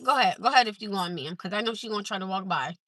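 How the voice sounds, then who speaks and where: A woman chatting casually on a livestream from her car, laughing often as she tells animated stories. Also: mid-range voice, very fast, no room sound. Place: in a car at a drive-through.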